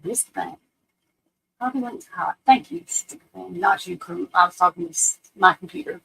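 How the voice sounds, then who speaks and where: A woman's voice: on the low side, big pitch swings, moderate pace, vocal fry, pushed and bright, slightly rough, poor audio. A woman, hosting a casual livestream at home, chatty and self-deprecating, talking to viewers and her computer. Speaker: livestream host.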